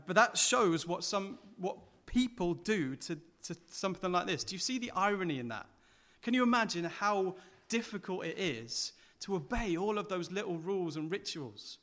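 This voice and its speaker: Conversational preacher, fairly high voice. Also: male voice, a bit bright. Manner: conversational, asks the congregation rhetorical questions. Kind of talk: sermon.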